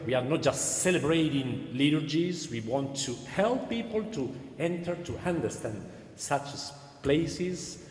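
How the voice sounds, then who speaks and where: A man hosting a panel discussion in earnest, repetitive speech with non-native phrasing. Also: mid-range voice. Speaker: Dominican cultural center host. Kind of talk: panel moderation. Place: church. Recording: echoey church hall with long reverb.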